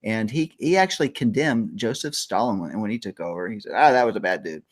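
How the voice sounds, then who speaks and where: A man's voice: lowish voice, expressive, a little fast. A middle-aged man hosting a casual morning show, rambling and joking, often laughing. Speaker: host.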